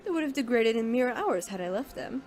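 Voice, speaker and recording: A woman's voice: a little high, expressive, a little fast, darkish tone, slight background noise. Woman reading as a cold clinical doctor. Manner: detached, matter-of-fact. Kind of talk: reading a visual novel aloud.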